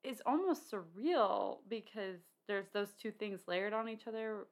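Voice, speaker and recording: A woman's voice: mid-range voice, expressive, a little slow. A woman co-hosting a casual film discussion, chatty, with many fillers and restarts.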